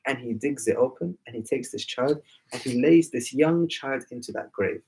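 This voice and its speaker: A man's voice: mid-range voice, moderate pace, vocal fry, darkish tone, slightly rough, low-quality recording. A man storytelling to children at a majlis, emotive and addressing them directly.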